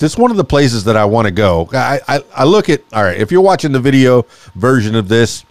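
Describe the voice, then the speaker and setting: A man's voice: fairly low pitch, no room sound. A man hosting a casual solo podcast, upbeat and chatty, laughing often. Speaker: podcast host. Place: small radio studio.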